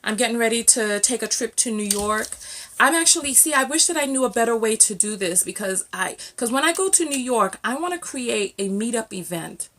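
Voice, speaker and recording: A woman from the United States giving sassy, animated reaction commentary as a relationship vlogger. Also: fairly high pitch, brisk. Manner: sassy, animated, exclaiming and questioning.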